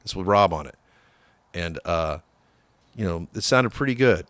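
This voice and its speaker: Guy w a lowish voice ranting thru an old story, cusses a lot, dry close sound. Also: animated, moderate pace, fairly bright tone, no echo. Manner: profane, rambling, acts out quoted dialogue. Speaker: guest musician. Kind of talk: casual storytelling interview.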